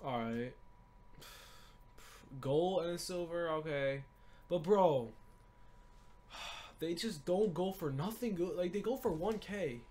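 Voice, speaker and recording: A young man giving excited, pleading commentary while opening game card packs, swinging from low mutters to loud shouting. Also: slow pace, long pauses. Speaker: gaming YouTuber.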